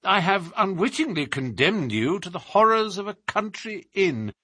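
A man voicing a stern, commanding male detective with a husky, emphatic delivery. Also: high voice, big pitch swings, moderate pace, pushed and bright, no room sound, studio quality, pitched above the performer's own voice, full character voice. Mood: wry. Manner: emphatic, incisive.

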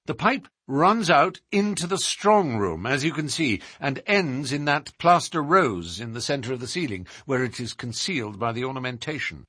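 A man reading a story aloud in the first person, speaking as a shrewd male detective who recounts a case in a measured, precise way. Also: mid-range voice, breathy edge, dry recording, studio quality, full character voice. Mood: explaining. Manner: measured, precise, lively emphasis. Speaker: audiobook reader.

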